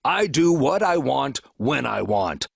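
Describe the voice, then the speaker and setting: A man's voice: mid-range voice, big pitch swings, takes it slowly, vocal fry, husky, dry recording, studio quality, full character voice. A man voicing a proud, regal, boastful male lion in a recorded storybook reading. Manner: roaring, boastful.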